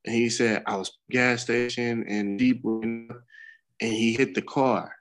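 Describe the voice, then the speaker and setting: A man's voice: medium pitch, fairly even intonation, a little slow, faint music behind, poor audio. A middle-aged man, a podcast co-host, talking candidly in casual chat and swearing freely as he tells a story. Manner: candid, profane storytelling with bursts of laughter.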